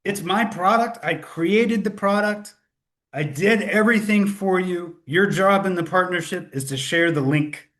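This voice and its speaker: Man, webinar host, slightly higher voice, upbeat, loose, laughs off his own mistakes, computer mic. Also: a little slow, a bit bright. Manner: upbeat, self-correcting, laughs at own slip-ups. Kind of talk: live sales webinar.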